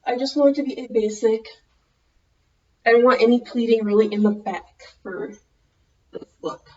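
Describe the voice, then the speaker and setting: A fairly high, warm female voice with fairly even intonation and normal speed carries a Minnesotan American accent. The US vlogger rambles casually through a clothing tutorial, drifting and self-correcting as she talks. Highs are cut off, with slight background noise.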